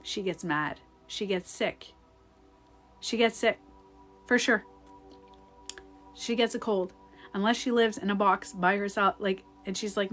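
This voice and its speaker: Soft background music plays as this woman, with a mid-range voice, coaches her live-stream audience a little slowly and with frequent pauses. She answers comments casually and candidly, rambling, cursing, laughing readily, and now and then lowering her voice to a near-whisper.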